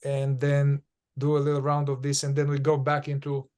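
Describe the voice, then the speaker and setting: A man, a non-native English speaker whose first language is Romanian, explaining an inquiry practice in an animated way, acting out examples with halting restarts. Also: mid-range voice, smooth. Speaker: inquiry facilitator. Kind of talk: casual podcast teaching.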